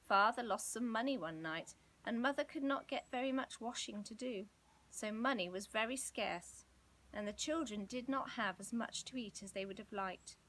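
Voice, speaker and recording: A woman reading a children's storybook aloud in an expressive, gently dramatic way. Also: a little high, normal speed, low-quality recording. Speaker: storybook reader.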